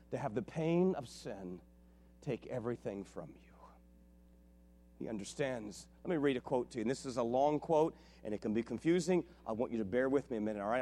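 A preacher man with a high, lively voice gives a sermon, dropping to a hush and then climbing back up. His words ring out with a long reverb, as if spoken in a church hall. He mixes scripture with family stories. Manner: animated, swings from hushed to loud, tells family anecdotes. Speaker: pastor.

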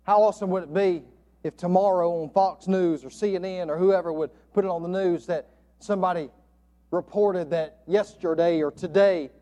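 A man preaching a sermon from the pulpit, quoting old scripture and swinging from loud emphatic lines to soft, hushed ones. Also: sits high, steady tone, normal speed, dull audio. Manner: quotes King James scripture. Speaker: pastor.

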